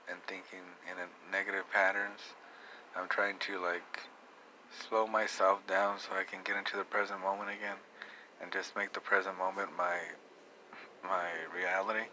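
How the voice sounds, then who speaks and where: Low, flat-voiced young man musing aloud. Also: a little hiss or hum, rough recording. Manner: rambling, halting, with many restarts. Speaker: vlogger. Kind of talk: reflective personal storytelling.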